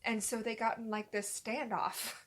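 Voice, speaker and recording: A young woman co-hosting a casual podcast with her partner. Her voice sits a little high, and she rambles through her stories, acting out what people said along the way. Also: flat delivery, normal speed. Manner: rambling storyteller, acts out quotes. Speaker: podcast co-host.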